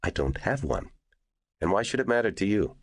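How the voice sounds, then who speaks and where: A man's voice: deep voice, very animated, moderate pace, no echo, clean studio sound, voice pushed up. A man voicing an arrogant, irritable rich media mogul who speaks in a raised, demanding voice.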